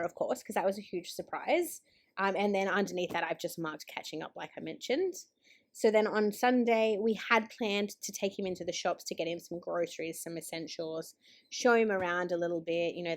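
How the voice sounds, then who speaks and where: A woman's voice: fairly low pitch, moderate pace. A woman, chatting casually as a planner vlogger, full of "um" and "like". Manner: chatty, lots of fillers like 'um' and 'like'. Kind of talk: casual chat.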